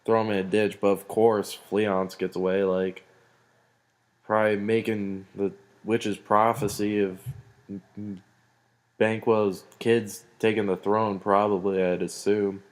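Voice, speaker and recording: A man's voice: on the low side, level tone, unhurried. A young man rambling through a comic retelling of a play for school, slangy with dry asides. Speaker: student presenter.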